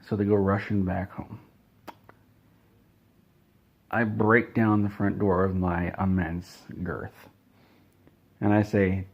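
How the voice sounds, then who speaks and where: A man telling an absurd comedy story in a deadpan, rambling way, correcting himself as he goes. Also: sits low, measured pace, creaky, highs cut off. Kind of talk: absurd comedic story told straight-faced.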